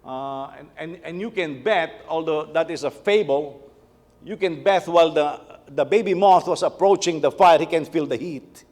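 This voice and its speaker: A man's voice: on the high side, moderate pace, darkish tone. A middle-aged male pastor giving a conversational sermon, repeating words as he tells stories about his family. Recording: long reverb of a church hall.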